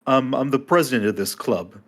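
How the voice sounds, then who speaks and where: A man's voice: mid-range voice, a little fast. A man introducing himself as a tabletop game player, casual and hesitant with many restarts. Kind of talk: casual chat.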